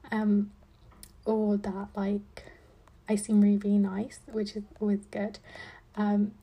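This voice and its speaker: The audio is dull, and her medium-pitched voice stays monotone and breathy as she takes things slowly. A law student in her twenties, she hosts a casual podcast, rambling with frequent "like" and "um" and dry, playful sarcasm.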